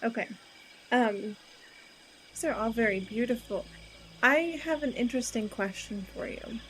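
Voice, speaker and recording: A woman's voice: on the high side, animated, measured pace, a little hiss or hum, low-quality recording. A woman playing her character in a tabletop game, asking politely and hesitantly. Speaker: player.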